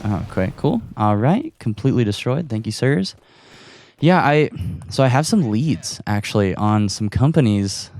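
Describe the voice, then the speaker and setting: A man's voice: on the low side, a little mellow. Chatty, breathless man hosting a podcast. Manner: chatty and self-deprecating, laughing often. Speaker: podcast host. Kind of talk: casual solo podcast while gaming. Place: his room at home.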